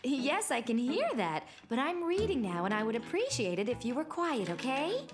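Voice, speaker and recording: A patient cartoon mom. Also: female voice, sits high, big pitch swings, normal speed, music in the background. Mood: gentle. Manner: gentle, patient. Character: warm, patient young mother. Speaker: mother character. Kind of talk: cartoon voice acting.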